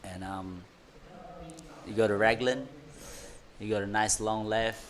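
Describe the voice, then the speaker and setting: Excitable male surf commentator. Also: on the low side, a little slow, a little hiss or hum. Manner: excitable, loose grammar, chatty asides. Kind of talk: live sports commentary.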